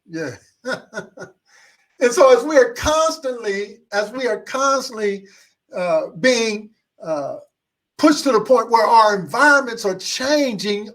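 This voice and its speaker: A man with a high voice preaches a motivational sermon, repeating key phrases. He calls on listeners to answer back and lets his excitement build as he presses a point. He sounds middle-aged. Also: measured pace. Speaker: pastor.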